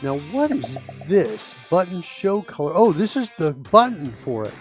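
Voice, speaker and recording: A man's voice: sits high, sing-song, a little slow, soft background music. A middle-aged man hosting a live coding stream, talking casually and rambling with many fillers. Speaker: host.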